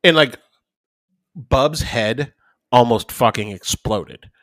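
A man's voice: mid-range voice, takes it slowly, a bit bright, no echo, studio quality. A man in his thirties co-hosting a podcast, telling a family story in casual chat and acting out his kids' voices. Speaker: podcast co-host.

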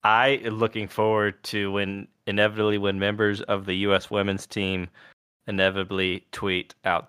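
A man's voice: on the low side, monotone, moderate pace, a bit bright, smooth. A man in a casual chat, tossing in dry joking asides.

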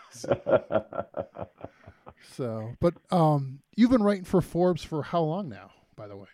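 A man's voice: on the high side, sing-song, takes it slowly, pauses often, mellow, no echo. A man hosting a podcast interview, joking in an easygoing, casual way. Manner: jokey, easygoing. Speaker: podcast host.

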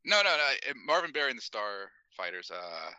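A man's voice: fairly low pitch, very animated, a little fast, sharp tone, clear, resonant tone, dry recording, dull audio. A slightly tipsy man on a podcast panel, talking loosely and mocking himself. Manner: loose, self-mocking, laughs easily. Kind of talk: casual podcast chat.

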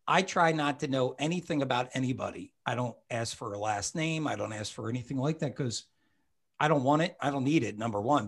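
A man hosting a podcast as a psychic medium, talking in a rambling, chatty way and often correcting himself. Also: medium pitch. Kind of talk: casual conversation.

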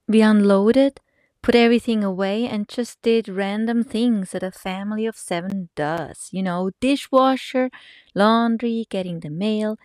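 A middle-aged woman hosting a podcast, telling a personal story expressively, laughing often and dropping to hushed whispers. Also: medium pitch, dry recording, clean studio sound. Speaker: podcast host.

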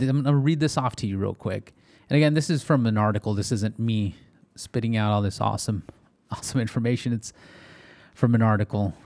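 A man's voice: medium pitch, gravelly, darkish tone. A man hosting a podcast in a casual monologue, reading articles aloud, tripping over words and correcting himself. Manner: chatty, reads articles aloud and stumbles on words. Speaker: podcast host.

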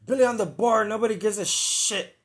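A man mimicking a loud, mean, high-voiced boss. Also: fairly quick. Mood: yelling insults. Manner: shouting, taunting. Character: loud mean male boss yelling insults.

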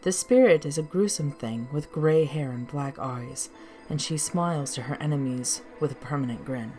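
Host storyteller, woman, deep and measured, faint music bed. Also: dark tone. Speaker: storyteller and author. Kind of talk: storybook narration.

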